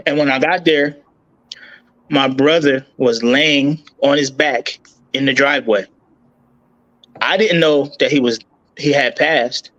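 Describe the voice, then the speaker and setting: A man telling a painful personal story as an interview guest, choked up and halting, with many restarts and repeated words. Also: medium pitch, steady tone, a bit bright, highs cut off.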